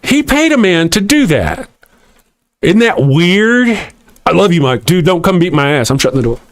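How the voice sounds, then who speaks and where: Irreverent mocking man, lively pitch. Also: moderate pace, dry recording. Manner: irreverent, mocking, laughs often. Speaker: host of a live atheist morning show. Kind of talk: casual live-stream talk reading viewer comments.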